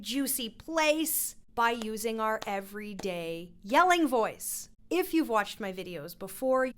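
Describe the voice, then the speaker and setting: A woman's voice: on the high side, fairly bright tone. A woman vocal coach teaching a voice lesson in a playful, encouraging way. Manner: instructive.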